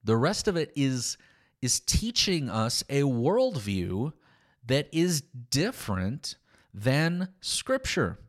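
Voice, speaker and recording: A man's voice: mid-range voice, takes it slowly. A man giving a conversational Bible teaching, emphatic and informal. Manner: emphatic, informal, lively intonation. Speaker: Christian teacher.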